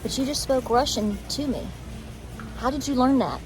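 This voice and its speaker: A woman's voice: high voice, big pitch swings, normal speed, noisy background. A woman with an East Tennessee Southern accent, chatting casually to her channel in a folksy way while filming on a handheld phone. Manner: folksy and chatty, calls people honey. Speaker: homestead channel host. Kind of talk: casual vlog chat. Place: inside a car, then a busy store. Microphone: handheld phone at arm's length.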